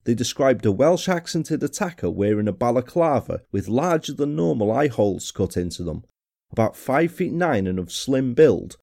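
A man hosting a podcast, telling a true-crime story in a measured, somber way. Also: medium pitch, big pitch swings, creaky, darkish tone. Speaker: podcast host. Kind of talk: scripted true-crime narration.

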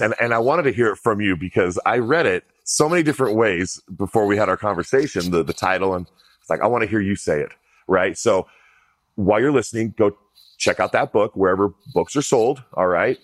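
A man's voice: lowish voice, brisk, no room sound. A man hosting an interview show, talking loosely and conversationally with fillers and restarts. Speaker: podcast host. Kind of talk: casual interview.

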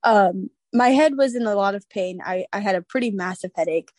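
A woman's voice: medium pitch, a little fast, dry recording. Young woman telling a story, dry mic. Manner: animated retelling, acts out quoted voices, laughs often. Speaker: guest. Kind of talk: casual storytelling interview.

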